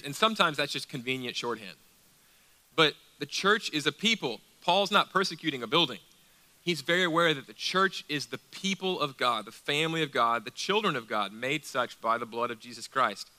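A man preaching a sermon as pastor, asking rhetorical questions and dropping into quiet, intense passages. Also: fairly high pitch.

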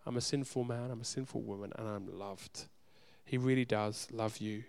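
A man preaching a sermon, speaking earnestly and directly to his congregation, swinging from loud urgency to soft hushed moments. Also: on the low side, steady tone, moderate pace, gravelly, clear, resonant tone. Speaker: pastor.

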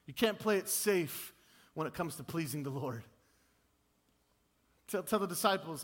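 A male pastor preaching an impassioned sermon, swinging between booming declarations and hushed pleas and often repeating himself. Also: animated, measured pace, long pauses. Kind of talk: sermon with altar call. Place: church sanctuary. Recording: long hall reverb.

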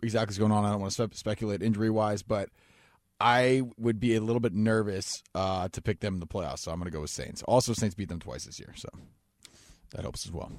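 A man co-hosting a sports radio show in a studio, eager and quick with frequent restarts. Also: on the low side, dry recording. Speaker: radio co-host.

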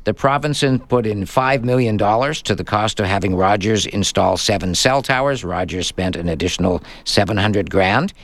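A man's voice: fairly low pitch, moderate pace, hardly any pauses. A man hosting a live radio tech show, chatty and plainly explaining tips from a studio microphone. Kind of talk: live call-in radio chat.

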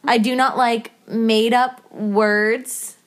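A young woman co-hosts a casual podcast and tears into a movie with exasperated, sarcastic rants and the odd curse. Her voice sits high, and she drags her words out slowly. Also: level tone. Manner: ranting, exasperated, swearing, sarcastic retelling. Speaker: podcast co-host. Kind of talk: casual movie review chat.

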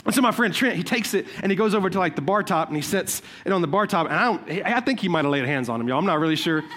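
High-voiced pastor, animated storyteller. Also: male voice, quick pace, slight background noise. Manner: animated, conversational, humorous storytelling; repeats "watch this" to cue points. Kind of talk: sermon with personal stories.

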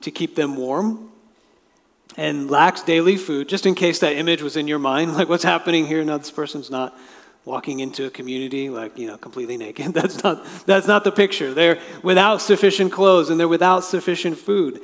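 A man's voice: a little high, normal speed. A man preaching a sermon as pastor, talking in a conversational way and explaining with asides. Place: church sanctuary. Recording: long reverb of a large hall.

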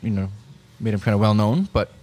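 A man's voice: lowish voice, expressive, brisk, darkish tone. A man co-hosting a podcast from a diner table, chatting casually and correcting himself as he goes. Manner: rambling, self-correcting. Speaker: podcast co-host. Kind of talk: casual chat.

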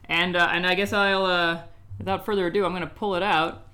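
A woman's voice: on the low side, level tone, brisk, pushed and bright. A woman hosting a podcast, asking playful, teasing questions in casual chat. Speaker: podcast host.

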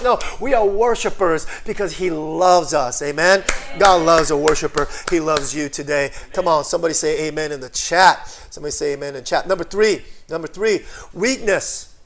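A male pastor preaching a livestreamed sermon in a voice pitched a little above the usual for a man. He moves between loud, fervent praise and soft, chatty asides to his viewers. He leans on a constant "right?" and calls for amens. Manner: repetitive, call-and-response with many "right?" and "amen".

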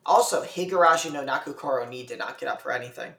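Easygoing co-host, mid-pitched voice, roomy echo on the mic. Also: quick pace, gravelly, a bit bright. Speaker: podcast co-host. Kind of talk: casual podcast chat.

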